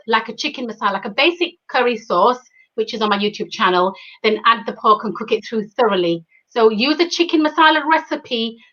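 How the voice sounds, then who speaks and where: A woman guest giving quick, helpful cooking advice in casual chat. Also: a little high, pushed and bright, dull audio. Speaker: guest cook.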